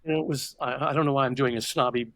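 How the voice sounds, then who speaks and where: Older guy rambling through stories on a podcast, mid-pitched voice, keeps restarting, very dry sound. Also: fairly even intonation, fast, a bit bright, no room sound. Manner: reflective and digressive, with frequent restarts. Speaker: podcast guest. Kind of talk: conversational interview storytelling.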